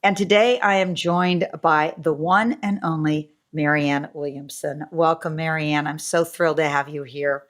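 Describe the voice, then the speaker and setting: Low-pitched middle-aged woman hosting a podcast, gushing and effusive. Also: steady tone, measured pace, hardly any pauses. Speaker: podcast host. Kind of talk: podcast interview.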